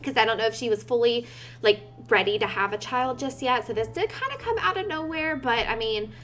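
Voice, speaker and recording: A woman's voice: fairly high pitch, expressive, a little fast, a bit bright, a little hiss or hum. A woman giving casual gameplay commentary, chatty and giggly, talking to her game characters and her viewers. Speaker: gaming video creator.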